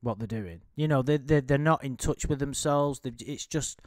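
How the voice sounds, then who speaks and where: A man's voice: mid-range voice, moderate pace, no room sound, clean studio sound. A man giving casual, rambling commentary while reading out a chat log, full of swearing, restarts and laughter.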